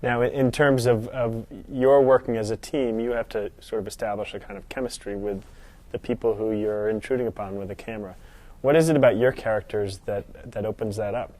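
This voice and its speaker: A male interviewer with a low voice asks questions in a measured, formal way. He speaks calmly and steadily.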